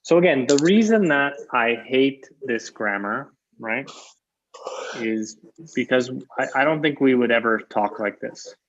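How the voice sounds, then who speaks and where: In a dull, lo-fi recording, a man with a medium-pitched voice and lively intonation teaches English grammar online at a slightly slow pace. He uses examples, repeats important phrases and checks in often with "right?".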